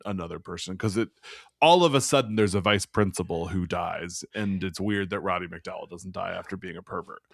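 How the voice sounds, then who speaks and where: A man with a lowish voice chats loosely on a podcast, recapping a film with lots of ums and likes. His delivery is rambling and jokey. The sound is dry and close. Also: fairly quick, vocal fry, no echo. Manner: rambling, jokey, many fillers. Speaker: podcast co-host. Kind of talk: casual chat recapping a film.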